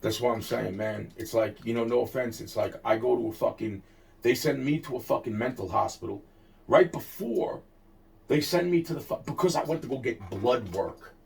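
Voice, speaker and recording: A man's voice: mid-range voice, a little fast, creaky, slight background noise. A man telling a personal story in a heated, profane, repetitive rant. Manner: heated, profane, repeats himself and restarts often. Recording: distant mic.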